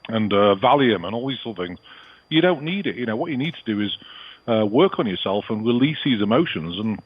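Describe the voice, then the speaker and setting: Husky British man, dull lo-fi audio. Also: fairly low pitch, expressive, brisk, dry recording. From England. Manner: rambling, peppered with "you know". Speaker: guest healer. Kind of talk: casual interview talk.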